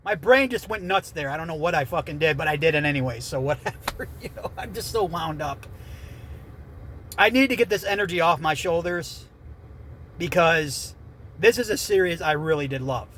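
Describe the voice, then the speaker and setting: A man giving an off-the-cuff, rambling rant about an anime ending, swinging between loud outbursts and quieter muttering. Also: fairly high pitch, expressive, moderate pace, slight background noise. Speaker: anime commentator.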